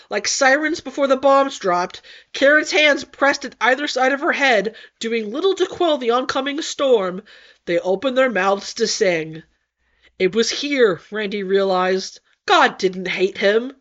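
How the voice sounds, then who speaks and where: A woman narrating a fan-written story as an audiobook, with an expressive, comic delivery. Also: a little high. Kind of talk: audiobook fanfic reading. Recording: dull lo-fi recording.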